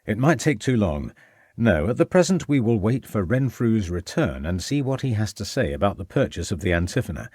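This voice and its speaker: A man's voice: fairly low pitch, sing-song, fairly quick, a little mellow, slightly rough, no echo, clean studio sound. A man voicing a polite, methodical police inspector in a period mystery. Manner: polite, formal.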